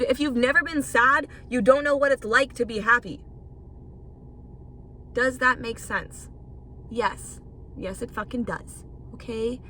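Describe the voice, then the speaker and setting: A woman's voice: a little high, sharp tone, a little hiss or hum. A young woman hosting a casual solo podcast, rambling and swearing freely as she talks. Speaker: podcast host.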